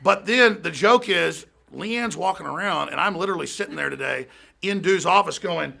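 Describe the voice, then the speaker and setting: A man's voice: sits high, a little fast, vocal fry, sharp tone. A man hosting a studio show, rambling and repeating himself with laughing asides. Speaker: show host. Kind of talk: off-the-cuff studio banter.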